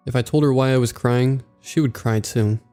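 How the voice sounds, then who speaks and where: A man narrating a scripted horror story in a slow, measured way. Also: medium pitch, steady tone, dark tone, clean tone. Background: faint background music.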